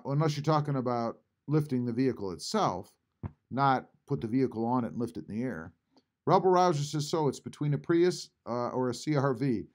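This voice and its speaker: A man hosting a casual live stream from home, reading chat messages aloud and answering them with frequent pauses. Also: mid-range voice. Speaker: YouTube channel host reading live chat. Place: home, at a computer.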